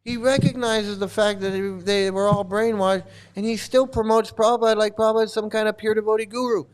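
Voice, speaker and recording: A man's voice: high-pitched, flat delivery, fairly quick, clean tone. A man ranting in angry commentary as a former member, profane and repetitive, restarting his sentences.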